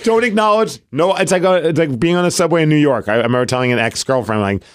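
A man's voice: on the high side, lively intonation, quick pace, clean tone. A man in his forties co-hosting a podcast, bantering and teasing in casual chat. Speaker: podcast co-host.

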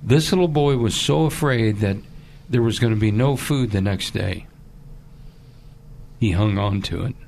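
A man with a somewhat low voice makes an impassioned fundraising appeal. He tells his story haltingly and emotionally, and then presses his listeners with urgent pleading, beneath a faint hiss of background noise. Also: creaky, darkish tone. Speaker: charity appeal guest.

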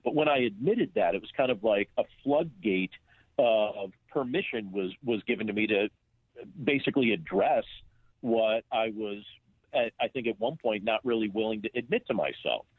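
A man's voice: on the low side, normal speed, slightly rough, dry recording. A man talking as an author guest in an earnest, reflective way, with small restarts. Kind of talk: phone interview. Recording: tinny phone line.

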